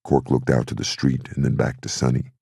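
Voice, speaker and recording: A man narrating an audiobook in a steady, measured way. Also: very deep voice, gravelly, breathy edge, no echo, clean studio sound. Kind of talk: scripted narration.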